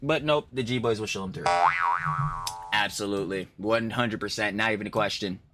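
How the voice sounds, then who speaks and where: A man hosting a casual reaction stream, animated and profane, repeating himself for emphasis. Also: on the low side, moderate pace, loud music behind the voice.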